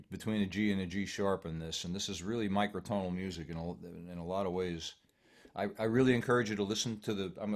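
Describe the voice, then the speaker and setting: A man teaching a fiddle workshop online, calmly walking students through bowing patterns step by step. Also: low-pitched. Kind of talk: online music workshop instruction. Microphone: home computer mic on a video call. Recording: loud fiddle music throughout.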